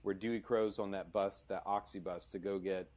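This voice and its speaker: A man's voice: deep voice, steady tone, moderate pace, darkish tone. A man hosting a podcast, chatting casually and enthusiastically, rambling as he retells scenes. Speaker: podcast host. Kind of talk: casual conversation.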